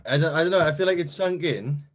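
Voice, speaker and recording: A man's voice: fairly high pitch, fast talker. Young welsh guy chatting in an interview, modest, lots of ums and restarts. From Wales. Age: young adult. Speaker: interviewee, competition winner. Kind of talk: casual chat.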